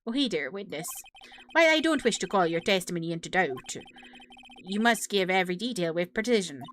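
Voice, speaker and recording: A woman voicing a doddering old male judge in a game, gentle and rambling. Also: on the low side, expressive, brisk, slight background noise. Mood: mild.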